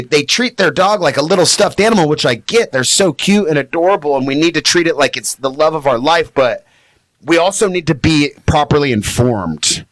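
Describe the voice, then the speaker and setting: A man talking as a dog trainer guest on a studio podcast, animated and explaining with acted-out examples. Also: no room sound. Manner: animated, acts out high excited voices when quoting owners. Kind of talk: podcast interview.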